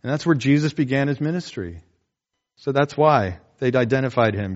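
A man preaching to a congregation in an easy, conversational manner. He keeps checking in with "right?" and sometimes acts out the people he quotes. The recording sounds a bit dull and lo-fi, and his pitch sits in an ordinary middle range. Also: animated, normal speed. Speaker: pastor. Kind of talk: sermon.

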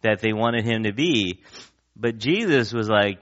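Male pastor, casual sermon, bright tone, lo-fi recording. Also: fairly low pitch, expressive, measured pace. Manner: conversational, asks the crowd questions, acts out quotes.

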